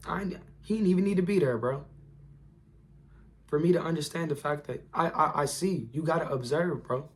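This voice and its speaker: A young man giving an earnest, repetitive motivational talk to camera in casual slang, his voice worn and going hoarse. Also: fairly high pitch, normal speed. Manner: earnest, repetitive, slangy, calls listeners bro. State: losing his voice. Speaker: motivational vlogger.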